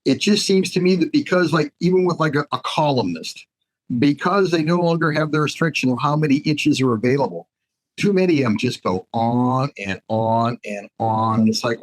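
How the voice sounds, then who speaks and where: A man's voice: mid-range voice, normal speed, rough recording. A man guesting on a casual podcast, airing his peeves in a rambling, mildly exasperated way. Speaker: guest author. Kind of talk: casual chat.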